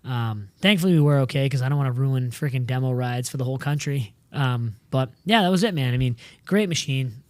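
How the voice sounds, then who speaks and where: A young adult man telling a story in casual podcast chat, animated, swearing freely and saying "dude" a lot. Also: mid-range voice, a little fast, dry recording. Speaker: podcast regular.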